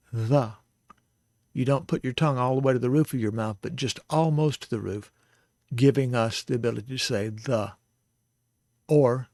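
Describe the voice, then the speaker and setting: A man's voice: medium pitch, no room sound, clean studio sound. A man teaching pronunciation, who patiently explains each sound and then demonstrates it by repeating it. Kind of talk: slow instructional explanation.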